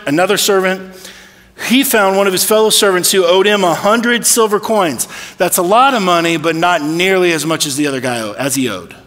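A man preaching in a high, bright voice, keeping it conversational and tossing in rhetorical questions. His sermon carries a long reverb from the church hall. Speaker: pastor. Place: church sanctuary.

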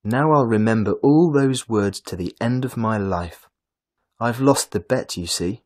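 A man voicing an eager, excitable talking carrot in a children's storybook, exclaiming his lines. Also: mid-range voice, a little slow, natural voice.

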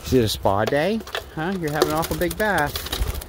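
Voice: medium pitch, sing-song, normal speed, background noise. A parrot sanctuary caretaker chatting casually to the birds in an outdoor aviary, with cooing, sing-song baby talk. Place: outdoor aviary under trees.

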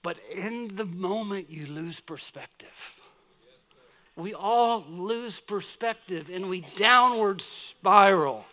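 A middle-aged American man giving a sermon as guest preacher, telling a story and swinging from soft murmurs to loud exclamations. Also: high-pitched, slow, a little hiss or hum. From United States. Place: church.

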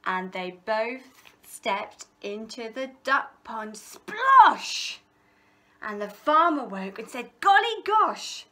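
A woman reading a rhyming picture book aloud for children, with a rhythmic, expressive delivery and playful animal noises. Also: a little high, slow pace. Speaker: library storyteller.

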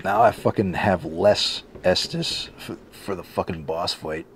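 A young let's play gamer gives profane, exasperated, sarcastic commentary on his gameplay, his voice cracking, while game music plays. His voice is low, his pace measured, and the recording very noisy.

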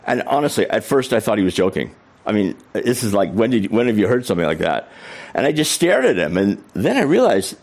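A man's voice: fairly low pitch, sing-song, fairly quick, darkish tone. A middle-aged man giving a humorous storytelling keynote talk on stage. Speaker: keynote speaker.

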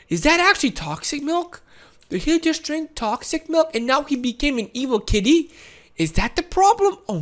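A woman giving excited let's-play commentary, giggly and excitable with frequent laughs and exclamations. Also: sits high. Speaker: gameplay commentator.

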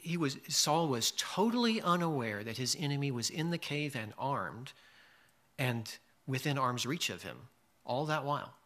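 Bright-voiced male pastor preaching. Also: medium pitch. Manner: earnest preaching, rising emphasis and slow drawn-out scripture quotes. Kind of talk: sermon.

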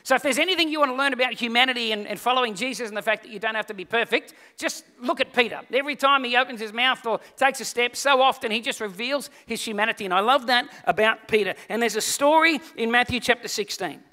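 A middle-aged man, preaching a lively sermon to a congregation and acting out Bible figures. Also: very high voice. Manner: animated, acts out Bible figures in quick voices. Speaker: pastor.

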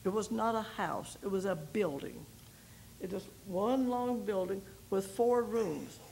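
An older woman, a missionary, giving a folksy personal testimony to a women's group, telling her story with pauses and repeated starts. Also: medium pitch, creaky, mellow, slight background noise, low-quality recording. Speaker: missionary speaker.

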